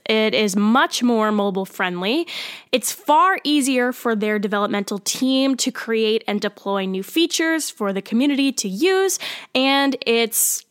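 A young woman hosts her own podcast in a casual, slangy, upbeat way. Her voice sits a little high and sounds nasal and slightly worn from a cold. The sound is dry and close, with almost no room around it. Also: smooth, no echo. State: tired. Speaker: podcast host.

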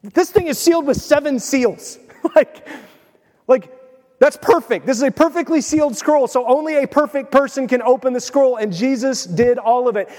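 A man preaching a sermon as a pastor, animated, swinging between loud bursts and hushed, quiet passages. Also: extremely high pitch, moderate pace. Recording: long hall reverb.

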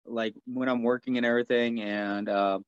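A man's voice: mid-range voice, steady tone, normal speed, smooth, no room sound, highs cut off. A man from the United States, a martial artist and stuntman, telling stories easily in a casual interview with lots of fillers. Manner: easygoing, filler-heavy storyteller.

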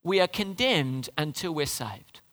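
A man's voice: fairly high pitch, expressive, measured pace, a bit bright, big-room sound. A man preaching a sermon as pastor, talking conversationally and putting questions to the congregation.

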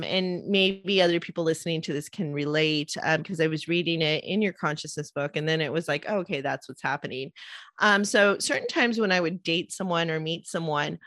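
A woman's voice: low voice, a bit bright, no room sound. A woman hosting a podcast, telling personal stories in a chatty, casual way. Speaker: podcast host. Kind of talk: casual interview chat.

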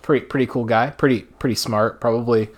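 A young man co-hosting a podcast, relaxed and teasing in casual chat. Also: medium pitch, fairly quick. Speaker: podcast co-host.

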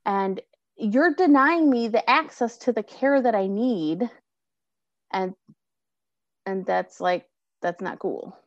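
A woman in her thirties co-hosts a podcast, ranting in a fired-up, casual chat full of swearing. Her voice is medium-pitched and slow with long pauses, animated and profane, and the recording is dry and lo-fi.

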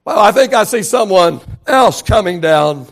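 Male pastor, high gravelly voice, emphatic sermon with call-and-response. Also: expressive, a little slow. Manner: emphatic preaching, calls for congregation responses. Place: church sanctuary.

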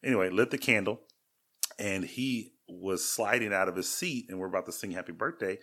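Rambling man telling stories, lowish voice. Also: a little fast, pushed and bright. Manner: rambling, self-deprecating storyteller with many restarts. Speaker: podcast co-host. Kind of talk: casual storytelling chat.

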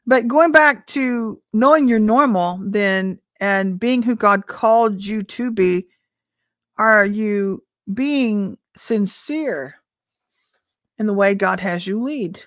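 A woman's voice: on the high side, no echo. Woman preaching conversationally, dry sound. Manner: conversational, rhetorical questions, occasional throat clearing. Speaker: Christian teacher and minister. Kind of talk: informal prophetic teaching.

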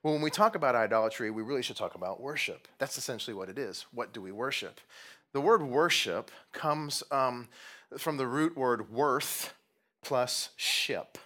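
A middle-aged man preaching a sermon as pastor, earnest and emphatic, slowing down and dropping to near-whispers on key phrases, with light humorous asides. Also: mid-range voice, lively intonation, fairly bright tone.

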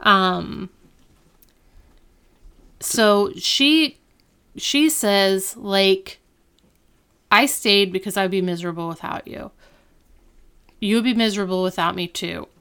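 A woman co-hosting a podcast casually recaps a TV episode, acting out the characters' lines in an animated retelling. Her voice is medium in pitch and clean, and she speaks slowly with frequent pauses.

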